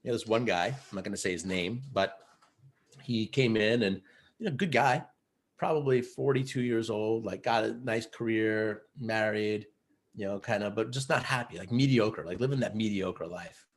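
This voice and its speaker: A man coaching other men, telling stories in a casual interview, earnest and animated, with many fillers like "you know" and "like". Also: on the low side, moderate pace. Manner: earnest, animated storyteller who acts out quotes. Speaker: guest, men's coach.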